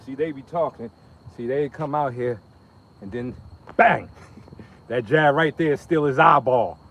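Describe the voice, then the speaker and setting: A man, live-streaming a martial arts workout and chatting casually with viewers, trash-talking and joking with loud bursts and laughter. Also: medium pitch, measured pace, muffled recording. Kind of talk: casual live-stream banter while training.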